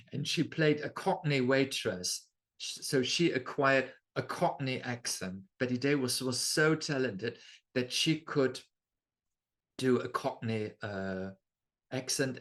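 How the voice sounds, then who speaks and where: A man's voice: medium pitch, a bit bright. A man with a German first language, giving a chatty lecture over slides, full of fillers and tag questions. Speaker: astrology lecturer. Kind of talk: casual presentation over slides.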